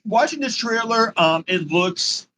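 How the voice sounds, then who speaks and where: A man's voice: very high-pitched, animated, measured pace, pushed and bright, a little hiss or hum, poor audio. A man co-hosting a casual podcast, hesitant and enthusiastic, often repeating words. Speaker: podcast co-host. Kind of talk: casual chat.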